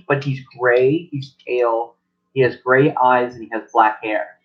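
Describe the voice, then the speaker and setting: A man's voice: mid-range voice, steady tone, measured pace, faint music behind. A man narrating as game master in a casual, rambling way. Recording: dull lo-fi recording.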